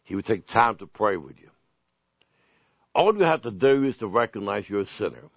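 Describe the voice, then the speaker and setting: A man's voice: medium pitch, vocal fry, slightly rough, no room sound, muffled recording. A man preaching a televised sermon, emphatic and full of rhetorical questions. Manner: emphatic, rhetorical questions, slow deliberate delivery.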